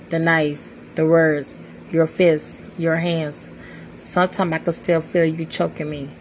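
A woman in her twenties reading her own spoken-word poetry, slow and solemn with measured pauses. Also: low-pitched, a little hiss or hum, rough recording. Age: 20s. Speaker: poetry podcaster.

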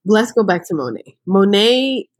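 Husky-voiced woman recapping a show. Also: medium pitch, unhurried, dry recording. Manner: animated, laughing storyteller. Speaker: podcast host. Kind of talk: casual TV recap chat.

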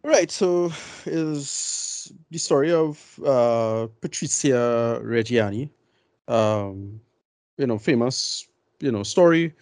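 A man's voice: medium pitch, takes it slowly, darkish tone, no echo, clean studio sound. A man giving blunt, rambling film opinions in a casual podcast chat. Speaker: film review podcast co-host.

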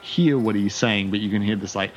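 A man's voice: on the low side, brisk, very noisy. A young man running a tabletop game as game master, describing scenes in a rambling way with many fillers.

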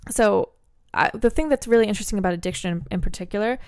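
A woman's voice: medium pitch, fast, a little mellow, dry recording, clean studio sound. A woman in casual chat who rambles through explanations, correcting herself as she goes.

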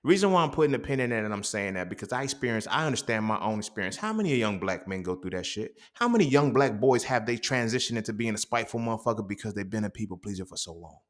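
A young man hosting a podcast, telling a personal story in a profane, animated, slangy monologue. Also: fairly low pitch, fast, hardly any pauses. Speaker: podcast host.

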